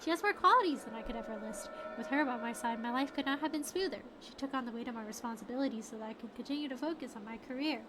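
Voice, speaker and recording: A woman voicing a remorseful young man who has come back as a spirit, reading his lines softly and earnestly in a formal manner. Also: fairly high pitch, racing, hardly any pauses, noisy background, close to an everyday voice. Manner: soft, earnest, formal, read aloud from the screen. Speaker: streamer reading game dialogue.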